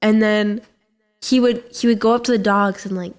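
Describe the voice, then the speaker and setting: A woman's voice: mid-range voice, steady tone, normal speed. A young woman co-hosting a podcast, telling rambling, giggly anecdotes in casual chat. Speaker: podcast co-host.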